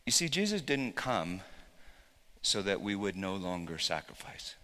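A man's voice: sits low, very animated, unhurried. Impassioned preacher man, reverberant hall. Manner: impassioned, swings from hushed to loud. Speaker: pastor. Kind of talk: sermon storytelling.

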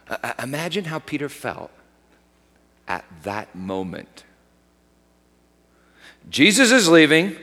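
A man preaching a sermon, swinging from loud, raised lines to hushed, dropped ones. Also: mid-range voice, huge pitch swings, unhurried, pauses often. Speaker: pastor. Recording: long hall reverb.

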